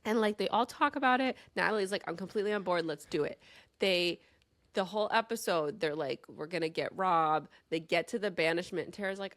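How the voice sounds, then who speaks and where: Woman podcast host, animated and swearing, casual chat, dry close sound. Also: lowish voice, a little fast, no echo. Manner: emphatic, swears often, animated retelling.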